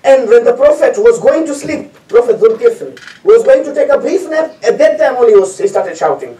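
A man's voice: very high voice, very animated, normal speed, dark tone. A man giving a storytelling sermon as lecturer, repeating phrases for emphasis and asking rhetorical questions. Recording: echoey hall, distant mic.

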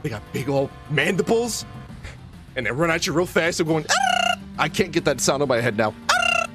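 A shaken, jittery survivor stammers about monsters with mandibles, as a man puts him on, his voice pushed high and swinging wildly. He stumbles over his words and shrieks out imitations of what he saw. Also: huge pitch swings, normal speed, over loud music. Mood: panicked. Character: panicked rattled man raving about insect monsters.

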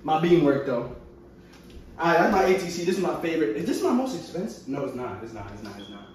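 A young man doing a casual show-and-tell vlog, excitable and slangy with frequent exclamations. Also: on the high side, fast talker. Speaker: vlogger showing his collection. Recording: very echoey, far from the mic, faint noise.

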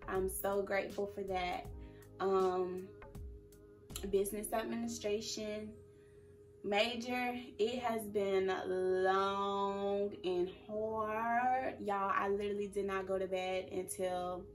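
A woman's voice: medium pitch, level tone, slow pace, far from the mic, soft background music. A young woman in her early twenties talking casually to camera in a vlog, emotional and fighting back tears. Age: early 20s. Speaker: vlogger.

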